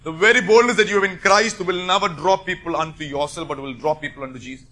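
A man preaching a sermon, emphatic and rising into forceful bursts. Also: high voice, fast talker, slight background noise.

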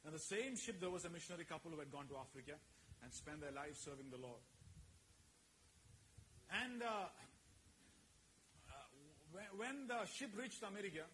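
A man preaches to his congregation, his voice climbing loud on key phrases and dropping low between them. His voice sits a little high for a man, with faint room ambience behind him. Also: normal speed, pauses often, a little hiss or hum, rough recording. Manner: preaching, often swelling loud, calling for amens. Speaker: pastor. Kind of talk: sermon.

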